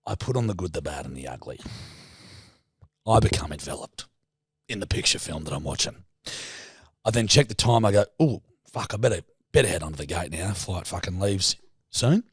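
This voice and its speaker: A young Australian man spins a sweary story on a podcast, acting out each exchange. His voice has a gravelly, fry-edged texture. The sound is dry and close, with no room echo. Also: deep voice, moderate pace, long pauses. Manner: swears freely, animated anecdote with quoted dialogue. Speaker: podcast co-host. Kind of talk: casual storytelling chat.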